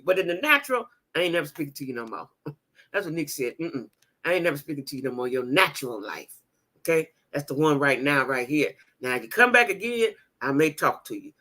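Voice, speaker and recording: A woman hosts a casual gossip livestream and speaks directly to her viewers, reading their names from the chat. Her voice is bright and forceful, and her pitch moves all over as she talks. She laughs often and hammers her points home by saying them twice. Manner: chatty, talks straight to viewers and reads chat names aloud; laughs often, repeats lines for emphasis. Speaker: gossip show host.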